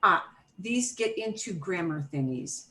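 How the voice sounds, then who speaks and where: A woman's voice: on the low side, lively intonation, unhurried, bright, forceful tone, low-quality recording. A middle-aged woman teaching an online Spanish class, explaining grammar patiently step by step with everyday examples over a video call.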